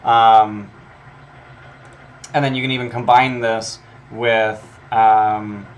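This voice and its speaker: A man's voice: on the low side, little pitch movement, slow, dull audio. A man preparing a tabletop game session, reading his notes aloud in a casual, profane way, with lots of ums. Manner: filler-heavy, profane, thinking aloud. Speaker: game master prepping an adventure.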